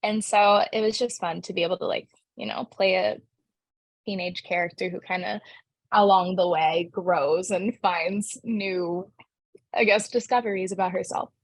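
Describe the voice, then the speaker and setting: A woman's voice: on the low side, steady tone, normal speed, no room sound. A young woman, an actress, answering interview questions in a bubbly, chatty way, full of "like" fillers.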